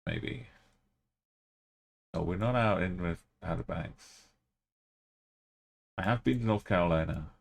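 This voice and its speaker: A man's voice: low voice, measured pace, vocal fry, pauses often. A man streaming a game live, thinking aloud as he plays and chatting with his viewers.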